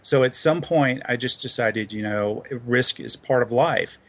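A man's voice: mid-range voice, measured pace, a bit bright. Hesitant man talking with many fillers. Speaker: interview guest. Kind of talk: casual podcast conversation.

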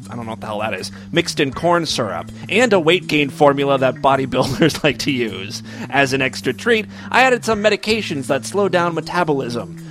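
A man's voice: medium pitch, lively intonation, brisk, music in the background. A man doing a mock-dramatic comic reading of a story, with wry asides and tongue-in-cheek delivery. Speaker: comic reader of an erotic story.

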